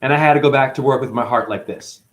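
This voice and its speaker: Speaking quickly in a mid-range voice over a slight hiss or hum, a man recounts his conflict with his boss at his cleaning job. The janitor, who lives with chronic hip pain, tells the story emotionally for his vlog, acting out what people said.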